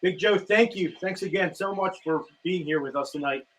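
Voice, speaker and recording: A male co-host wraps up an interview, thanking the guest and pointing viewers to merchandise. His voice sits high for a man. He sounds friendly and informal. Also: normal speed, a bit bright. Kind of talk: casual interview wrap-up.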